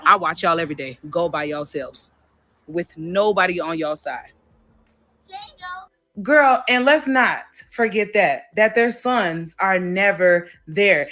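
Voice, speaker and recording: A woman's voice: fairly low pitch, fairly bright tone. Sassy, blunt woman in a casual clip, talks straight. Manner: blunt, sassy, laughing, swears. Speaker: care worker in a clip. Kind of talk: casual rant video.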